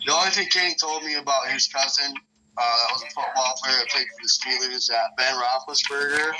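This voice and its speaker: A man hosts a podcast, speaking briskly against a noisy background. He loosely and casually tells a rambling, profane story from northern Michigan, acting out voices with big leaps in pitch.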